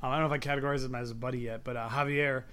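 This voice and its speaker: A man's voice: medium pitch, fairly even intonation, racing, a bit bright, clear, resonant tone. A man co-hosting a podcast, telling stories in casual chat, cursing often and breaking into laughs. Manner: profane, laughing storyteller who acts out other people. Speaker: podcast co-host.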